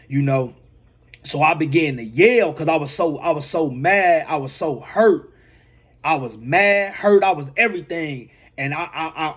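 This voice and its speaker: Husky man retelling his story. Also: fairly high pitch. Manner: repeats phrases, emphatic retelling. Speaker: motivational speaker. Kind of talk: personal testimony storytelling.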